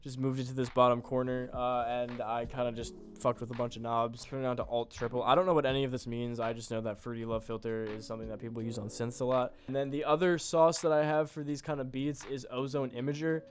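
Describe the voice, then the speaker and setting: A man's voice: mid-range voice, little pitch movement, quick pace, hardly any pauses, faint music behind. A young man casually walking through how he made a beat, laid-back and rambling, with offhand swearing. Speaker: beat producer. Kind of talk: casual screen-recorded tutorial.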